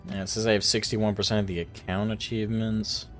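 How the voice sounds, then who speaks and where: A man hosting a casual voice chat while gaming, telling animated stories and swearing freely. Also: fairly low pitch, brisk, soft background music. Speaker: streamer host.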